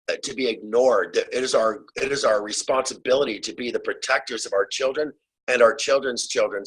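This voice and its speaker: Fiery husky-voiced man urging listeners. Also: medium pitch, fairly bright tone, poor audio. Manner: urgent, fiery, appeals directly to listeners. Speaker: guest author. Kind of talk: impassioned advocacy talk. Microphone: remote call.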